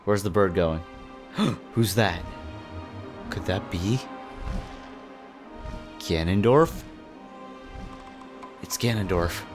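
Guy doing a let's play, jokey and loud with lots of oh no's, lowish voice, faint game music. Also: extremely slow, long pauses. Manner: excitable, jokey, yelps and exclaims at the game. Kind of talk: gameplay commentary.

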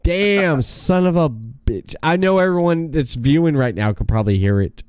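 A man's voice: on the high side, expressive, normal speed, darkish tone, smooth, no echo, studio quality. Laid-back man hosting a chat show. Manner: laughs often, swears casually. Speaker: talk show host. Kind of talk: casual chat.

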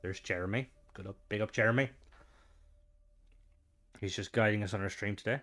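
A man's voice: on the low side, moderate pace, a bit bright. A young Irish man chatting casually with viewers while streaming a game, rambling from one thought to the next. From Ireland.

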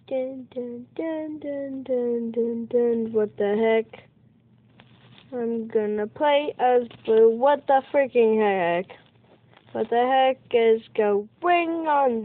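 Woman gamer, high voice, unhurried talk, excitable yelps, tinny and dry recording. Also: dry recording. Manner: excitable, exclaims and yelps at in-game surprises. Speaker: gamer recording gameplay commentary. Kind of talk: casual let's-play commentary.

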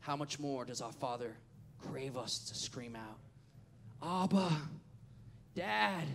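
A man, preaching a sermon as a pastor and acting out a family story with lively storytelling. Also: on the high side. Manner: animated storytelling, acts out the scenes.

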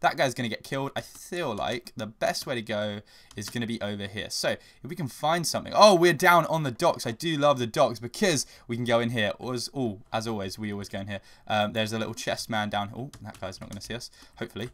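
A young man giving casual, chatty commentary over a video game he is playing, getting loud and swearing when under attack. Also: mid-range voice, fairly quick. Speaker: gaming channel host.

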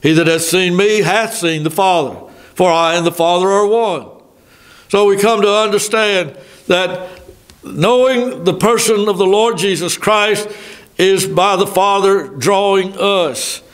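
An older man with a Southern American accent preaching a sermon in a folksy way, stopping for asides and reading scripture slowly. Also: high-pitched. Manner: folksy, thinking aloud with asides. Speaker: pastor.

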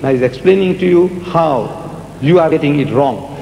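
Man, lecturer, emphatic and repetitive, fairly high voice, faint background hiss. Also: animated, moderate pace, gravelly, dull audio. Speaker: lecturer answering audience questions. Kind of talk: public lecture Q&A. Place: large lecture hall. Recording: echoey archive hall recording, faint hiss.

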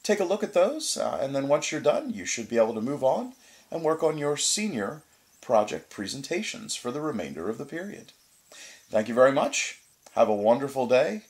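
A man's voice: medium pitch, big pitch swings, normal speed. A man teaching a recorded grammar lesson, patiently explaining step by step, asking questions and answering them, with frequent fillers like "certainly" and "uh".

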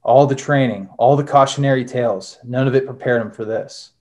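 A man's voice: mid-range voice, fairly even intonation, fairly quick, a little mellow. Young man, author with lots of "uh"s. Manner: casual, many "uh" fillers. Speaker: author, former Marine. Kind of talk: interview answers and reading from his novel.

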